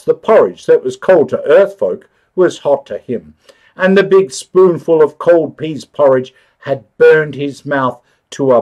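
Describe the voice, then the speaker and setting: A man reading a children's-style story aloud for English learners, expressive and clear. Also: on the high side. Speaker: story narrator.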